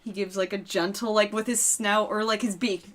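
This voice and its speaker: A woman's voice: medium pitch, steady tone, moderate pace. A woman running a tabletop game as game master, describing scenes loosely with plenty of fillers.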